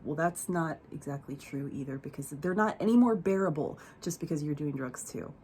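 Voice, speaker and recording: A woman's voice: low voice, a little fast, warm tone, a little hiss or hum. A young woman telling a candid personal story on her vlog, profane and emotional, rambling with fillers.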